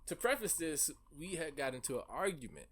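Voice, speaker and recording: Young dude hosting a pod, kinda high voice, bright, loud storytelling, laughs a lot. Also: male voice, a little fast. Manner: animated, profane, laughs through the story. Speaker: podcast host. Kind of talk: casual storytelling chat.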